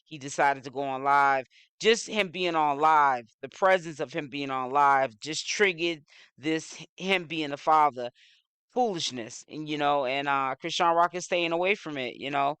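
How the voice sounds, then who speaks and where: A man's voice: on the high side, normal speed, pushed and bright, clear, resonant tone, no echo. A man giving casual commentary, rambling along with lots of "you know" fillers.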